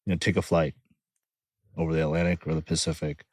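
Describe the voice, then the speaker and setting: A man's voice: a bass voice, flat delivery, fast talker, darkish tone, no echo. A man who is a firefighter and guest on a podcast, talking in casual conversation, blunt and profane with many filler phrases, outdoors. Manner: blunt, profane, frequent "you know".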